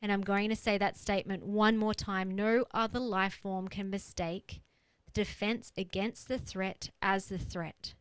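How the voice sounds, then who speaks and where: A woman's voice: mid-range voice, clear, resonant tone, no echo, low-quality recording. A woman coach leading a guided exercise on a group coaching call, earnest and explanatory, repeating her key points. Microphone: video call.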